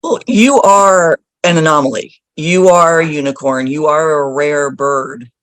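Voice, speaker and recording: A woman's voice: deep voice, unhurried, dry recording. A woman hosting a podcast interview, friendly and a bit teasing. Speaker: podcast host. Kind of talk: interview chat.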